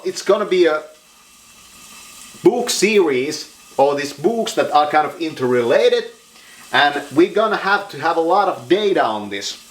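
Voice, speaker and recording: Guy rambling slow in his kitchen, jokey, laughs a lot, echoey room. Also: on the high side, a bit bright. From Finland. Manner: joking, rambling, laughs often. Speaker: vlogger. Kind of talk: rambling casual monologue. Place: home kitchen, indoors.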